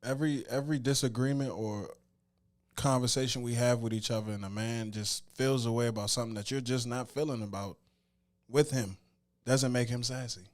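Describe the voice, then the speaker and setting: A man in a casual podcast discussion who sounds tired and deadpan. His voice is mid-pitched and low-key as he lays out his gripe. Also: a little fast. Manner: weary, deadpan complaining. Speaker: podcast co-host.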